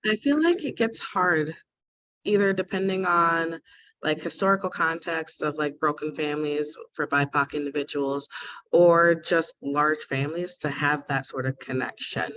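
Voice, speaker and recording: A woman's voice: sits low, normal speed, fairly bright tone. A woman taking part in a workshop over a video call, speaking earnestly and thoughtfully. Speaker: workshop participant. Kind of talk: casual discussion.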